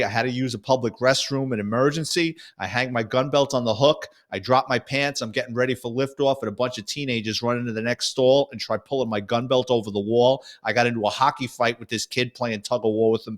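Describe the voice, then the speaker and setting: Man, retired detective, from New York, lively storyteller, middle voice. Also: medium pitch. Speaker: guest, retired detective and author. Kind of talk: storytelling interview.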